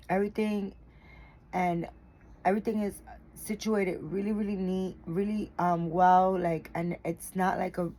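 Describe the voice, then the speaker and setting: A woman's voice: lowish voice, warm tone, low-quality recording. A tired woman chatting casually to her viewers, rambling with lots of fillers and the odd swear word. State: tired and yawning. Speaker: doll collector vlogger. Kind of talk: casual chat to camera.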